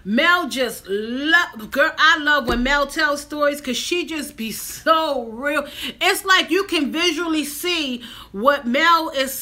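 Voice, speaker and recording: A woman, chatting casually and emphatically to viewers in a vlog. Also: high voice. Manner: animated, talks straight to viewers, emphatic. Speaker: vlogger. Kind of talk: casual mukbang chat to viewers.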